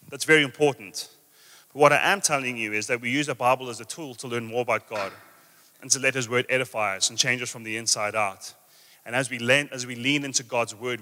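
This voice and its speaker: A man preaching a sermon to a live church audience, emphatic and energetic, easing into soft drawn-out phrases. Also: mid-range voice. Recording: reverberant hall with soft guitar behind.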